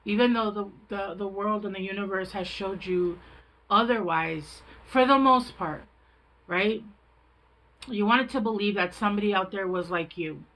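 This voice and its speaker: Heard on a rough recording, the woman has a mid-range, slightly bright voice and a moderate pace. She reads tarot in a casual, meandering way, chatting openly and repeatedly interrupting herself to rephrase.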